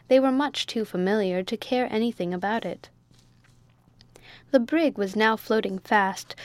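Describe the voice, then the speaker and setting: A woman narrating a classic sea novel as an audiobook, in a steady, clear reading. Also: mid-range voice, dry recording. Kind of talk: scripted narration.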